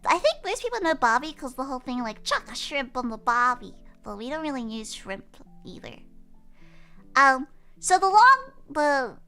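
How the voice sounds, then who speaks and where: A bubbly, giggly woman streamer chatting on a livestream, her voice high and bright. She sounds smooth and clear, with faint music underneath. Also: big pitch swings, normal speed. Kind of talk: livestream chat explaining slang.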